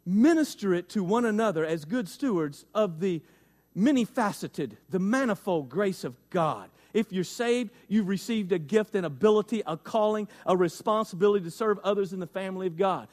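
A man pastor preaching a folksy sermon, repeating phrases for emphasis and speaking straight to his congregation. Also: high voice.

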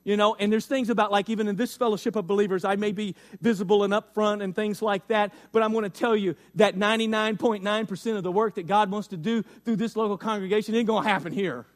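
A man's voice: high voice, fairly even intonation, fast, few pauses. A man pastor preaching a folksy sermon, repeating phrases for emphasis and speaking straight to his congregation.

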